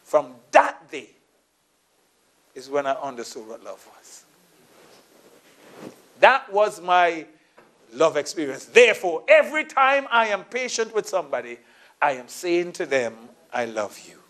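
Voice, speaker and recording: Male pastor, middle-aged, high voice; storytelling sermon delivery with quiet asides and sudden emphatic peaks. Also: very animated, a little slow, long pauses. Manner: storytelling, shifts between soft asides and raised emphatic lines.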